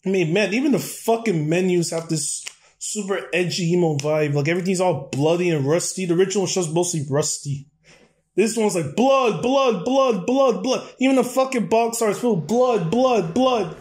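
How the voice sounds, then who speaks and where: A young man giving loud, profane, rowdy commentary while playing a game. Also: sits high, a little fast. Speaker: gameplay commentator. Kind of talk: crude gameplay commentary.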